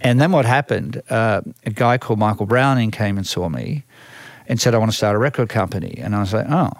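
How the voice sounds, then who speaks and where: A man's voice: fairly low pitch, brisk, dry recording, clean studio sound. An older man with an Australian accent, a music manager telling long stories in an interview, with many restarts and repeated words. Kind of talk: storytelling interview.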